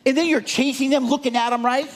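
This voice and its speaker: A man preaching a sermon, animated and often asking the congregation questions. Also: extremely high pitch, fast.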